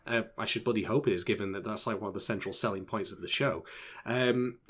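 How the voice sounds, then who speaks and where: A man co-hosting an anime review podcast, talking in an animated, opinionated way with lots of filler words. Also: on the low side, fast talker. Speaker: podcast co-host. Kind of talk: casual anime review chat.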